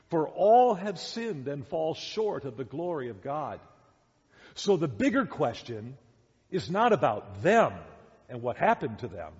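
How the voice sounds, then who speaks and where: A man's voice: fairly high pitch, husky. A man preaching a sermon as pastor, emphatic and full of rhetorical questions, heard in a dull echoey church hall recording.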